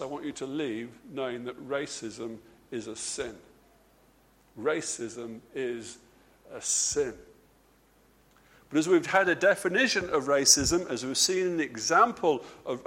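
Slow, emphatic male preacher. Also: fairly bright tone. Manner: emphatic, slows and drops low on key words; repeats words and restarts phrases. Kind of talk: sermon.

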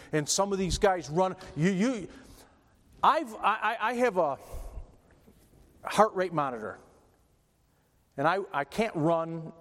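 A man preaching a sermon, emphatic and repetitive, often restarting his phrases. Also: a little high. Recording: long reverb from a hall.

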